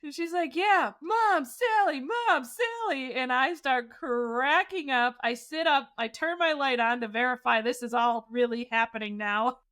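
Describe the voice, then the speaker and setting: A woman in her forties, a podcast co-host, telling a scary personal story in a casual, animated way, often laughing. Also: a little high, moderate pace.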